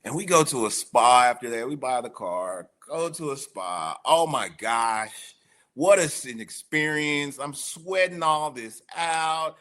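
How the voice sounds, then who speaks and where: A man as a podcast guest, telling a personal recovery story in an animated way. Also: mid-range voice, a little slow. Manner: animated storyteller, acting out quoted voices.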